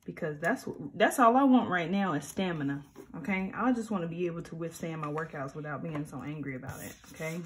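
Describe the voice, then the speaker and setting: A woman's voice: on the low side, lively intonation, normal speed, slight background noise. A middle-aged woman, chatting casually and animatedly while decorating a planner, with mock-grumpy asides. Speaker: planner vlogger. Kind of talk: casual plan-with-me chat.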